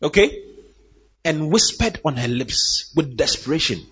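A man preaching with a lively, swooping delivery, acting out the people in his Bible stories. His voice is husky and slightly high, and the recording sounds dull and lo-fi. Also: normal speed. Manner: animated preaching, acting out Bible characters and laughing. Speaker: pastor. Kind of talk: sermon.

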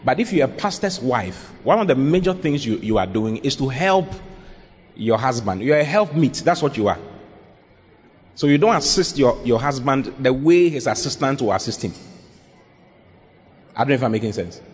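A man's voice: mid-range voice, expressive, normal speed, pauses often. A male pastor giving earnest, emphatic counsel during a sermon Q&A, often repeating his points. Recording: long reverb in a large hall.

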